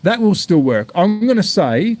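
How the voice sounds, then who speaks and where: A man's voice: high voice, very animated, normal speed, darkish tone. A man with an Australian accent hosting a live-stream hobby unboxing, chatting casually and bluntly with plenty of swearing and rambling asides. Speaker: slot car channel host.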